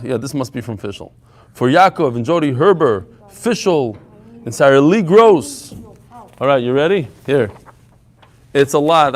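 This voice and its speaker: Guy giving a talmud class to a small crowd, slightly high voice, chatty storyteller, mixes in hebrew and yiddish terms. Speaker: Talmud teacher. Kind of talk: live Talmud class with chat. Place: in front of a small live audience.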